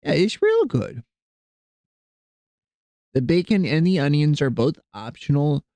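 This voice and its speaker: A man's voice: on the high side, sing-song, a little slow, dry recording. Easygoing male streamer, rambling chat, dry sound. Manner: rambling, easygoing, chatting with viewers while cooking; softens and coos when talking to his cats. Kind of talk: casual live-stream chat.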